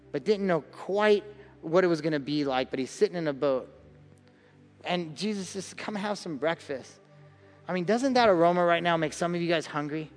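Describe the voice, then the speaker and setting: Man preaching in a reverberant hall. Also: high-pitched. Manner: conversational preaching, acts out quoted voices. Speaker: pastor. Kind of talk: sermon.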